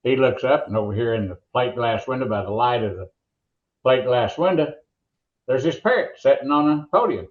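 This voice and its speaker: A man's voice: mid-range voice, expressive, a little fast, narrow, tinny audio. An older man with an Oklahoma accent, a former announcer telling stories and jokes in a folksy, rambling way. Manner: folksy, rambling joke-teller. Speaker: guest, former monster truck announcer. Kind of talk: casual interview storytelling.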